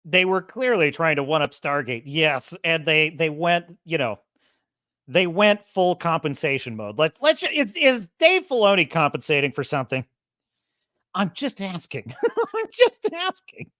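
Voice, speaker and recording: Woman host, sarcastic rant, animated voice, dry close sound. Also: deep voice, moderate pace, no room sound. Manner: sarcastic, laughs often, mocking impressions. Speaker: show host. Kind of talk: casual commentary rant.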